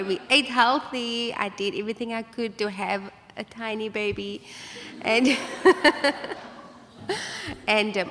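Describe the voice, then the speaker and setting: A woman tells her birth story to a conference audience, chatty and animated, laughing often and acting out quoted voices. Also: mid-range voice. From South Africa. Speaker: conference speaker. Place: large conference hall. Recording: reverberant hall sound.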